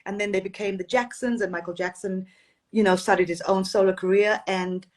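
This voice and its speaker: A woman at a middle pitch tells stories from her career in an easy, chatty way and laughs often. She sounds relaxed and open, as if talking on a video call. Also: moderate pace. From Zambia and Zimbabwe. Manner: warm, storytelling, laughs often. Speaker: interviewed singer. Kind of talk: casual interview.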